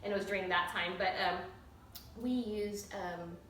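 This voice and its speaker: A woman's voice: mid-range voice, normal speed. Laughing woman recapping a show, echoey room. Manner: animated, laughs often, acts out lines from scenes. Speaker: podcast co-host. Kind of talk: casual chat recapping a TV episode. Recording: echoey room, far from the mic, faint hiss.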